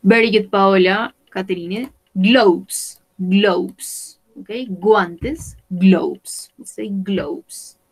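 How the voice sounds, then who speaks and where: A woman teaches English vocabulary over a video call, speaking very slowly and patiently. She repeats each word for her students and switches into Spanish to explain a point. Her voice sits at a medium pitch. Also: rough recording. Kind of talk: online class teaching vocabulary.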